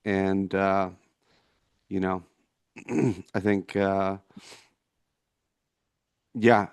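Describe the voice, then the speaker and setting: A man co-hosting a casual discussion podcast, speaking haltingly with many fillers and restarts. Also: low voice, monotone, clear, resonant tone, dry recording. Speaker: podcast co-host.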